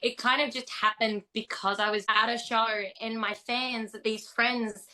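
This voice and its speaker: An Australian woman with a bright, forceful voice pitched a little high talks in a chatty, animated way. She is a singer-songwriter guest in a casual interview. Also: a little slow, poor audio. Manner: chatty, animated, bursts into playful song.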